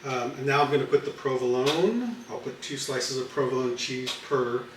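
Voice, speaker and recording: A man's voice: mid-range voice, moderate pace, background noise. Man, cooking host, loose and chatty with fillers; echoey room, distant mic. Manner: relaxed and rambling, with fillers. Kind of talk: casual cooking chat.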